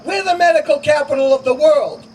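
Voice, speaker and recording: A man's voice: very high voice, brisk, darkish tone, a little hiss or hum. A middle-aged man giving an emphatic, repetitive campaign speech outdoors at a party. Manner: emphatic, repetitive, punchy promises. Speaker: political candidate. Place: outdoor summer garden party. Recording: distant outdoor recording, crickets.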